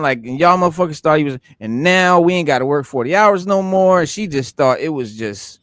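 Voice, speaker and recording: A man's voice: on the high side, lively intonation, brisk, few pauses, fairly bright tone, dry recording, studio quality. A married man co-hosting a casual podcast chat, telling stories in slangy, rambling talk with many restarts. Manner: rambling storyteller with restarts, slangy, says bro. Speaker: podcast co-host.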